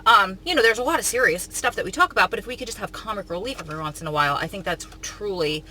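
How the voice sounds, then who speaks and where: Bright, chatty woman vlogging. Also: medium pitch, expressive, rapid-fire, slight background noise, low-quality recording. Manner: chatty, rambling, many fillers; laughs easily, jokey. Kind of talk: casual vlog chat.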